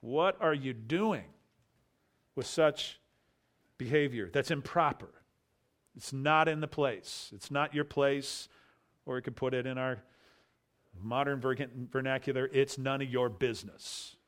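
A man preaching an expository sermon, emphatic, with rhetorical questions and quiet asides. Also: medium pitch, steady tone, unhurried. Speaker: pastor.

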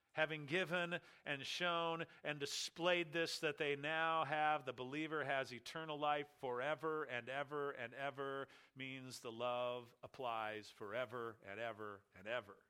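A man's voice: medium pitch, pushed and bright, clean tone. A male pastor preaching an expository sermon, emphatic, repeating key phrases and asking and answering his own rhetorical questions.

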